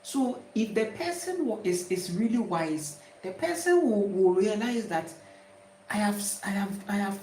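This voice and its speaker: A woman's voice: medium pitch, lively intonation, measured pace, dark tone, a little hiss or hum. A woman with a Ghanaian accent giving a casual spiritual talk, emphatic, often repeating and restarting her words. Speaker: spiritual teacher. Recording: roomy echo.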